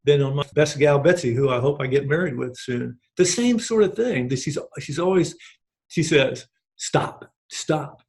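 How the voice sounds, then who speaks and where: This middle-aged man's voice is on the high side, gravelly and darkish, with lively intonation, a brisk pace and few pauses. Giving an earnest personal testimonial as a program participant, he rambles, restarts many times and acts out the conversations he quotes.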